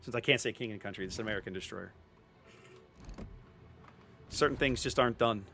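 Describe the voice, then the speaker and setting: A man's voice: fairly low pitch, brisk, creaky, sharp tone, faint music behind. A man streaming a video game, chatting casually with viewers and often repeating words as he thinks. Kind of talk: casual live-stream commentary.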